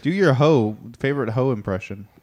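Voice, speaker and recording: A man's voice: medium pitch, animated, a little fast, a little mellow. A man hosting a casual podcast, dry and skeptical with his remarks. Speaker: podcast host.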